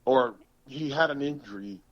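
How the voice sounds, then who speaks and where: In a storytelling podcast interview, a former pro football player from the United States, now in his sixties, recounts stories in an animated, emphatic way, often repeating words. His voice is mid-range at a moderate pace, and the sound is lo-fi.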